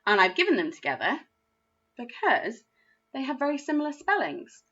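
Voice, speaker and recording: A woman with an English accent teaching a phonics lesson to young children, spelling words out slowly and praising their efforts. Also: sits high, huge pitch swings, sharp tone, muffled recording. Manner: slow, clearly spelled-out words with encouraging praise. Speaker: primary school teacher.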